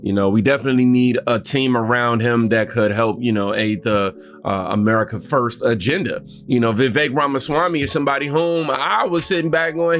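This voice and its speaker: A male host commenting on news clips in a sarcastic, animated manner, breaking into laughter. His voice is bright and forward. Faint music sits under it. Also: medium pitch, a little fast, hardly any pauses. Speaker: reaction video host.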